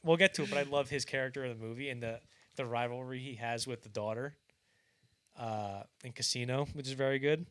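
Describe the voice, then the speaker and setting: Young man, podcast host, casual storytelling, acts out quotes, lively delivery. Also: brisk, clear, resonant tone. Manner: animated storyteller, acts out quoted lines loudly and higher; casual and profane, frequent restarts. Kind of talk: casual chat, telling anecdotes.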